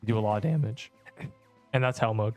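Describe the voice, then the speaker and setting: A man's voice: lowish voice, a little fast, dark tone, faint music behind. A man rambling casually through gameplay commentary on a livestream, slangy and loose, tossing in "bro" and casual swearing. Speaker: streamer.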